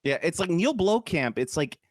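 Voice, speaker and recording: A man's voice: fairly high pitch, normal speed, no room sound. A man co-hosting a podcast, chatting casually and joking, fond of trying out accents. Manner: animated, joking, tries accents. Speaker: podcast co-host. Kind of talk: casual chat.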